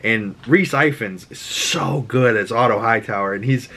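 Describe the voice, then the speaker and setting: A man's voice: mid-range voice, normal speed. Rambling man recapping a TV episode. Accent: Boston. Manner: rambling, animated, lots of fillers. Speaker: host.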